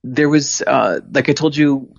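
A man, a guest on a podcast, telling stories in a relaxed, expressive way. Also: mid-range voice, unhurried, vocal fry, no echo. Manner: animated storyteller, expressive. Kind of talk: casual podcast conversation. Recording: dull lo-fi, dry sound.

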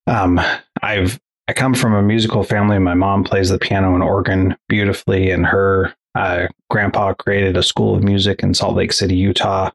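Male host, deep and breathy, reflective, restarts sentences as he thinks. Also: flat delivery, moderate pace. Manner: thoughtful, restarts his sentences. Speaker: podcast host. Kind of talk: casual interview conversation.

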